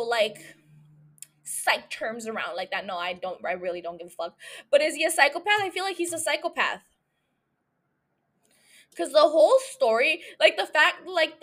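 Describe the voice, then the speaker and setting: A woman's voice: sits high, a bit bright. A young woman hosting a podcast alone, rambling through a profane, giggly rant that jumps from one thought to the next. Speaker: solo podcast host.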